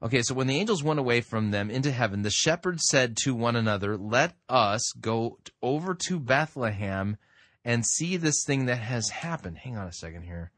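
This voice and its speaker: Man, host, sermon commentary, halting, reads scripture, dry close mic. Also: medium pitch, lively intonation, fairly bright tone, dry recording. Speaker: podcast host.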